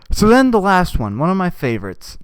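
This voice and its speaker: A man's voice: sits high, smooth, no echo. A young man hosting a podcast, riffing profanely in a rambling comedic monologue and putting on voices for the people he quotes. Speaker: podcast host.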